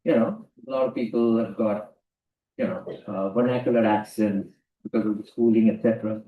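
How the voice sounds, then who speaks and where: A man's voice: lowish voice, steady tone, a little fast, phone-quality sound. A man giving an emphatic lecture to students, often repeating key phrases. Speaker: guest lecturer. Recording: roomy hall, distant mic.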